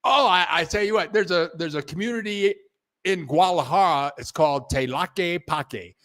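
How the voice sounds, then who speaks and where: A man hosting a casual livestream, rambling in a halting, repetitive way, thanking viewers and restarting his sentences as he chats from his computer at home. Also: high voice, expressive, a bit bright. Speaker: livestream host reading viewer donations.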